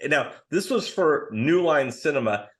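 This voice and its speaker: A middle-aged screenwriter appears as a podcast guest, telling casual, animated stories and acting out other people's lines. His voice sits on the high side, and he speaks unhurriedly.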